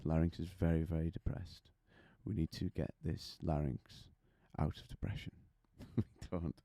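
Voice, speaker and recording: A man's voice: extremely low pitch, level tone, moderate pace, vocal fry, mellow, no room sound, studio quality. A man teaching singing technique, chatty and explaining with demonstrations and little stories. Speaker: vocal coach. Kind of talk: singing lesson to camera.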